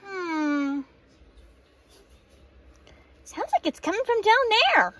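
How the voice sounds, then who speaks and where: In a plush toy video, a woman plays anime schoolgirls at a sleepover, trading excitable, rapid banter in a very high voice. The delivery is heavily acted and lively, with slight background noise.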